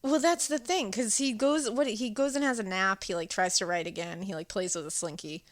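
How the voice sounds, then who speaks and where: A woman co-hosting a podcast in casual chat, telling the story with animated voices and frequent laughs. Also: mid-range voice, brisk, no room sound, clean studio sound. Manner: animated storytelling, acts out characters, laughs often. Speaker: podcast co-host.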